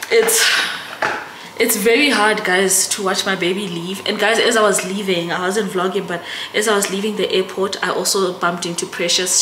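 Emotional South African woman vlogger. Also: lowish voice. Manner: chatty and emotional, often addressing viewers as guys. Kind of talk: casual vlog chat to camera. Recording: echoey room with background noise.

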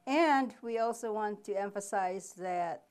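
A woman presenting a reading workshop, explaining slowly with pauses and asking questions, then answering them herself. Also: mid-range voice, a little mellow, clean tone. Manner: slow, deliberate explaining with pauses. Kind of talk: live teaching workshop.

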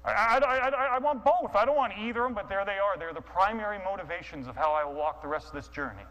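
A man's voice: high voice, fast talker, a bit bright, long reverb tail, muffled recording. Man acting out a sermon story, stammering. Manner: stammering restarts, acting out inner thoughts. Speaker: guest speaker.

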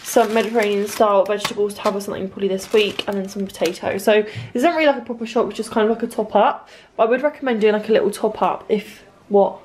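A woman's voice: mid-range voice, fairly even intonation, quick pace, darkish tone, a little hiss or hum. Chatty young woman vlogging. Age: young adult. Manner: chatty, says "literally" constantly. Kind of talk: casual vlog chat. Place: home.

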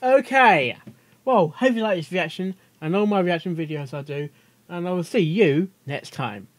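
A man's voice: high-pitched, lively intonation, moderate pace, no echo. A man hosting a casual reaction video, chatty and giggly, often tripping over his words.

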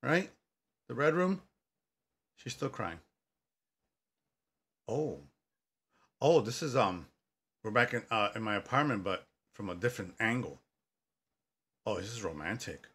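Unhurried and given to long pauses, this man has a lowish, slightly bright voice with a breathy edge and lively intonation. He's commentating on a horror game for laughs, answering back to the plot and letting out yelps whenever something jumps out.

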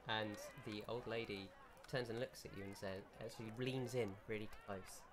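A man narrating as game master of a tabletop game, in a measured, descriptive way. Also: fairly low pitch, steady tone.

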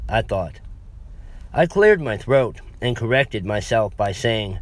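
A man's voice: on the low side, lively intonation, slow pace. A man narrating a first-person story in a wry, conversational way with asides to the listener.

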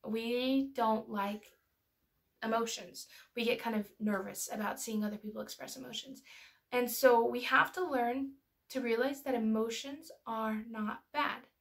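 A woman's voice: fairly high pitch, fairly even intonation, a little slow, creaky. A woman, a mother, talking casually and telling stories as she teaches parents, with many filler words. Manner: chatty, storytelling, lots of filler words. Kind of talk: casual educational talk.

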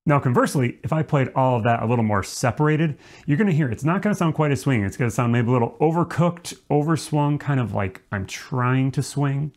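A man's voice: medium pitch, animated, brisk, few pauses. A man teaching a music lesson, explaining rules step by step and now and then singing short syllables to demonstrate. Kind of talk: instructional explanation.

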